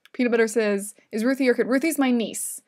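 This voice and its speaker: A woman's voice: a little high, moderate pace, a little mellow. A woman hosting a casual livestream from home, chatting in a giggly way and reading viewer comments aloud. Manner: chatty and giggly, with many fillers.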